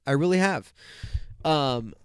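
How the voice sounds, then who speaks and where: A man's voice: fairly high pitch, lively intonation, slow pace, clean tone, no room sound, studio quality. A young man hosting a solo podcast, congested and nasal, rambling and joking with lots of swearing. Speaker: podcast host. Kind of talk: casual solo podcast chat. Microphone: podcast microphone.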